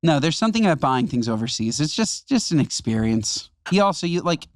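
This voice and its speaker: A man's voice: a little high, big pitch swings, a little fast, no room sound, clean studio sound. A man co-hosting a podcast, riffing emphatically and exaggerating for comic effect. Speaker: podcast co-host. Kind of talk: casual chat.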